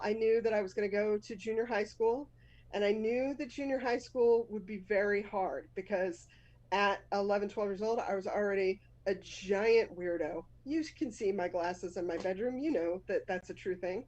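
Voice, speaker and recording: A woman's voice: medium pitch, normal speed, a little mellow, lo-fi sound. A woman in her fifties with a Boston accent, hosting a live storytelling show, telling a personal story candidly and laughing often at herself.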